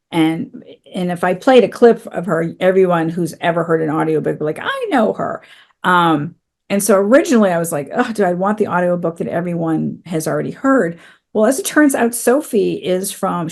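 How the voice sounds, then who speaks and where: A woman in her fifties from New England appears as a guest author, chatting casually in an interview about her novel. Her lowish voice is creaky and a little mellow, and she's chatty, often using fillers and restarting.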